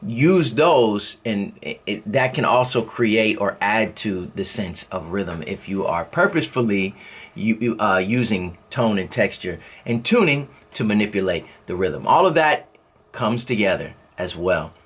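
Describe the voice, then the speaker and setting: A man's voice: fairly low pitch, expressive, unhurried, husky. A man teaching a music lesson on rhythm, who explains by singing drum syllables and counting beats, and often stops to correct himself mid-sentence. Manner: thinks aloud, with restarts and self-corrections.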